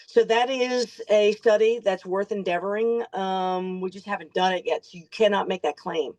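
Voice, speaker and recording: A woman practitioner explaining in a brisk, emphatic way on a group call. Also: medium pitch, fairly even intonation, darkish tone, low-quality recording. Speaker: medical practitioner speaker.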